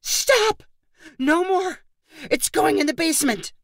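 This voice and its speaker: A woman's voice: sits high, sing-song, normal speed, a bit bright, no echo, clean studio sound, pitched above the performer's own voice. A woman voicing a frazzled, exasperated young aunt at her wits' end, with pleading, exclamatory outbursts.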